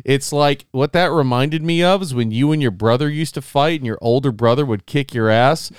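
A man's voice: medium pitch, normal speed, clear, resonant tone, no room sound, clean studio sound. A man co-hosting a casual sports podcast, joking around and slipping into goofy impressions. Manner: jokey, does goofy voices of people. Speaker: podcast co-host. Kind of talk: casual chat.

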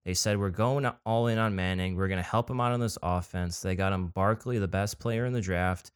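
Low-voiced country-accented male co-host. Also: clean tone, no echo, studio quality. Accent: American rural. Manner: self-deprecating, quick banter. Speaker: podcast co-host. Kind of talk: casual sports chat.

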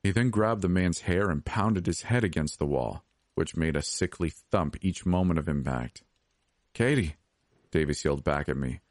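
Deep-voiced man narrating a horror story. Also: normal speed, no echo, studio quality. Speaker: podcast narrator.

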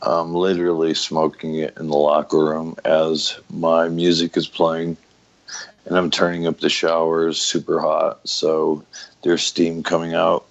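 A middle-aged man with a very low, gravelly voice speaks frankly as an interview guest. His talk is raw and full of swearing, and he breaks off and restarts his sentences often. The recording sounds dull and lo-fi. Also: completely flat delivery. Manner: raw, profane, halting with many restarts. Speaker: guest, former pro wrestler.

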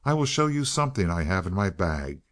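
A man's voice: low voice, very animated, fairly quick, fairly bright tone. A man voicing a grumbling, blustering peasant man in a storybook reading, with a demanding manner. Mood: gruff.

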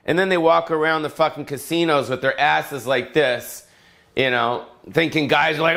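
A man's voice: on the high side, fairly even intonation, normal speed, vocal fry, fairly bright tone. A middle-aged male comedian ranting alone, profane and rambling, full of fillers and tangents. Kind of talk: solo comedic rant.

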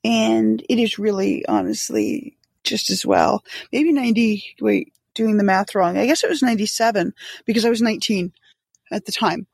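A woman's voice: mid-range voice, moderate pace, gravelly, a little mellow, breathy edge, no room sound. A middle-aged woman chatting conversationally, wandering a bit and correcting herself as she goes. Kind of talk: casual chat.

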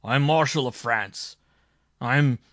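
A man reading aloud and voicing an arrogant, hot-tempered noble marshal on trial, who blusters loudly and indignantly. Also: mid-range voice, normal speed, dry recording, studio quality, lightly acted. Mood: defiant.

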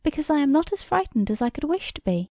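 A prim little boy speaks in fine, formal words, as a woman reads him. The voice sits high and quick in a storybook telling, with a dry, close sound. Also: sing-song, dark tone, no room sound. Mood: plaintive. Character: small crying boy, solemn and overly polite.

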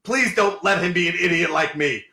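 A man's voice: sits high, moderate pace, sharp tone, echoey room. A man co-hosting a comedy radio show, telling rambling stories with restarts. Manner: rambling, self-interrupting storyteller. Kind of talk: casual comedy radio chat.

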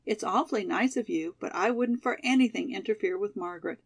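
Brief: earnest, loyal schoolgirl, easily embarrassed, voiced by a woman reader with a little fry. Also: medium pitch, brisk. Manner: embarrassed, loyal, sometimes hot. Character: earnest, modest young college girl Molly.

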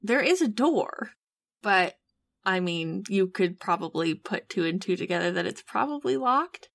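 A woman narrating as game master of a tabletop game, halting and often breaking into laughter. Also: mid-range voice, expressive, creaky, no room sound.

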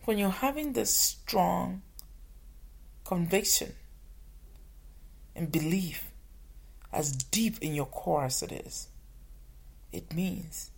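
A mother telling a personal story, often halting and restarting, with hushed asides. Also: lowish voice, sing-song, gravelly, slightly rough.

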